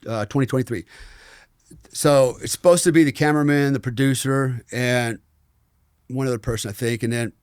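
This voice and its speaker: A middle-aged man from the United States, a podcast guest telling a story in a loose, animated, profane way and acting out the people he quotes. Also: medium pitch, clean tone, no echo, clean studio sound. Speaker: podcast guest, former special forces operator. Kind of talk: casual storytelling interview.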